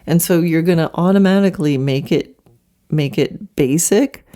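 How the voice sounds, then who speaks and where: Chatty woman with a mellow voice. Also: sits low. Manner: chatty, animated, slips into quick mock demos. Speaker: podcast host and horse trainer. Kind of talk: solo podcast monologue.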